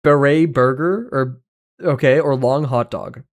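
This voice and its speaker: A male streamer talking casually to his chat, rambling from one thing to the next. He swears freely, cracks jokes and laughs often, his voice sitting at an ordinary middle pitch. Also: a little slow. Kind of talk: casual livestream commentary.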